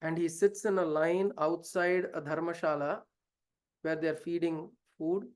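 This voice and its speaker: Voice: medium pitch, steady tone, unhurried. A spiritual teacher explaining a scripture passage through a story, hesitant at times and asking many rhetorical questions. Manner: hesitant, with fillers and restarts. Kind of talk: scripture lesson told as a story.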